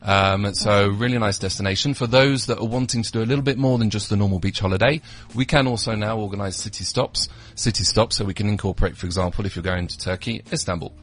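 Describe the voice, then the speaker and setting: A man's voice: fast talker, few pauses, fairly bright tone. A British man in his thirties, a travel company representative, talking up holiday destinations as a radio studio guest, with lots of ums. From United Kingdom. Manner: enthusiastic salesy pitch with frequent ums. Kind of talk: radio interview.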